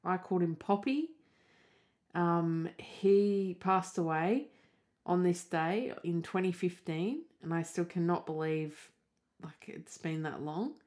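A young woman with an Australian accent talks through a relaxed solo podcast. Her voice sits a little low, and she rambles along with plenty of "like" and "um" between her thoughts. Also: slow. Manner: chatty, rambling, peppered with "like" and "um". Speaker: podcast host. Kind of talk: casual solo podcast chat.

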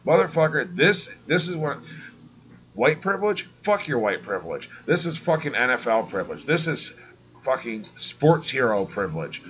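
A man's voice: medium pitch, fairly bright tone. A man co-hosting a casual podcast, ranting heatedly and swearing a lot. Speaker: podcast co-host. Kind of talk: casual chat. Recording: dull lo-fi audio.

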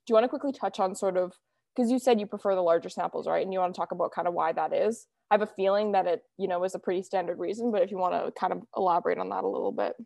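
A woman's voice: on the low side, rapid-fire, gravelly, darkish tone, no echo. Young woman, podcast host, chatty, lots of fillers, dry close mic. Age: young adult. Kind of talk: casual chat.

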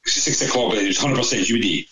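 A man's voice: lowish voice, rapid-fire, crowd noise, low-quality recording. A Scottish man telling football stories in casual chat, swearing freely and acting out the people in his tales. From Scotland. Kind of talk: casual anecdote in a podcast chat.

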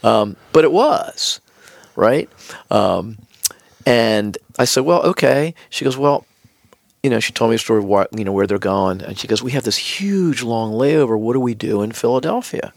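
Man guesting on a podcast, kinda low and gravelly, dry mic, gets animated telling stories. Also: normal speed, dry recording. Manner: animated storyteller acting out quoted dialogue. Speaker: podcast guest, business executive. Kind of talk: storytelling in casual interview.

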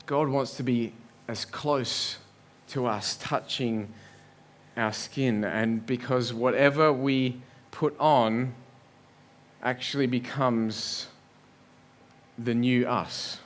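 A man's voice: mid-range voice, steady tone, slow pace. A man preaching a sermon in a church, earnest, building up lists and rhetorical questions. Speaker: pastor.

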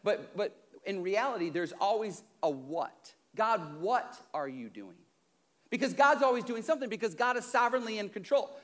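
A middle-aged male pastor telling a story in a sermon, conversational and animated, acting out what people said. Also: high-pitched, moderate pace. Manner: animated, conversational, acts out quotes.

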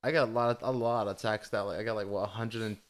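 A young man with a slightly low, groggy morning voice chats loosely on a podcast. He rambles, swears freely and keeps restarting his sentences, with filler words everywhere. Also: fairly even intonation, quick pace. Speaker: podcast co-host. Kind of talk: casual chat.

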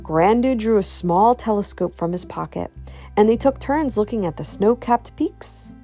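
A woman reading a children's storybook aloud in an expressive, animated way. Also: medium pitch, moderate pace, soft background music.

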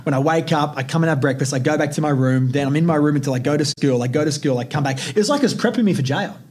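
A man's voice: fairly high pitch, rapid-fire, breathy edge. A man with an Australian accent, hosting a podcast and telling a personal story, swearing freely and acting out the voices in his quotes. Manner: animated, profane, acts out quotes. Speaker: podcast host.

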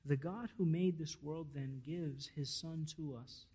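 Slow, emphatic male preacher. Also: fairly high pitch, breathy edge. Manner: emphatic, swelling to loud stresses then dropping to near-whispers. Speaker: pastor. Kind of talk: sermon.

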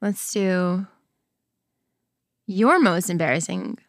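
A young woman co-hosting a casual podcast, playful and quick to laugh and tease. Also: lowish voice, expressive, dry recording, clean studio sound. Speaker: podcast co-host. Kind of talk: casual chat.

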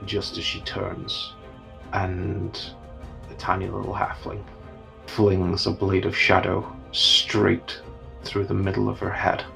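A man narrating as game master, in a deliberate, gravelly voice. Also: deep voice, completely flat delivery, over music.

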